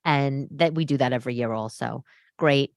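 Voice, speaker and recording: A woman hosting a casual solo podcast, animated and sarcastic as she rants. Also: a bass voice, moderate pace, no room sound, studio quality. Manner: animated, ranting, sarcastic asides. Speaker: podcast host. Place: home living room.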